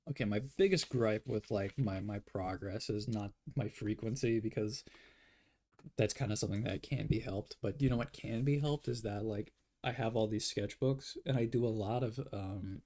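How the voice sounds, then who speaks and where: A man's voice: mid-range voice, dark tone. A young man chatting casually while he draws on a stream, rambling and self-deprecating, with lots of fillers. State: yawning, tired. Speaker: art streamer. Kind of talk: casual drawing livestream chat.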